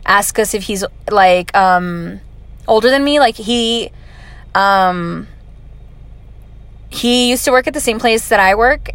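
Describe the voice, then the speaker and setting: Young woman in her twenties, chatty vlogger, filler-heavy rambling storytelling, mid pitch. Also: fairly bright tone, clear, resonant tone. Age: 20s. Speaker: audio vlogger. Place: on the way home from work.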